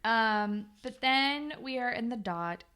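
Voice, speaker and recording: A woman's voice: fairly high pitch, animated, takes it slowly, bright, forceful tone, smooth. A young woman co-hosting a podcast, casually recapping a TV episode and acting out the characters' lines. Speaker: podcast co-host.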